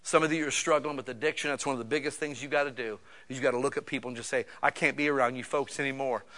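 Joking, animated male pastor preaching. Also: mid-range voice, rapid-fire. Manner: jokey, conversational, swings from quiet to loud bursts. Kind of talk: sermon. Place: church.

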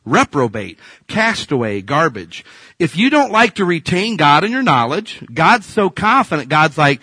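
A male pastor preaching a sermon, telling Bible stories in an animated way that swings from hushed to loud. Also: a little high, a little slow, slightly rough, no echo.

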